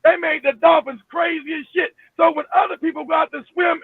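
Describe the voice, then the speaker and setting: A man hosting a live stream, ranting with emphasis and profanity, often shouting and repeating himself. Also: very high voice, steady tone, fast talker, hardly any pauses, no echo. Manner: repeats himself, many restarts. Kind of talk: heated live-stream rant. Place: home in Florida. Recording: phone-like, dry, narrow sound.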